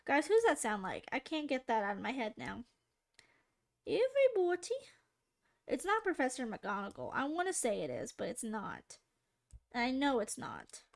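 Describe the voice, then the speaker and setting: This gravelly, fairly high female voice belongs to a woman drawing on a live stream. She chats with viewers in a giggly, meandering way and experiments with silly voices.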